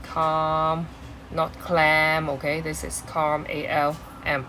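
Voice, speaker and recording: A woman's voice: low-pitched, monotone, takes it slowly, bright, forceful tone, a little hiss or hum, rough recording. A woman teaching an exam-prep English lesson, explaining step by step with many fillers and restarts.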